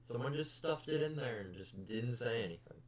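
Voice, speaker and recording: A man's voice: mid-range voice, lively intonation, a little fast. A young man hosting a casual podcast, bluntly ranting about customers with plenty of swearing. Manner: blunt, profane, exasperated. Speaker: podcast host. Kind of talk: casual storytelling rant.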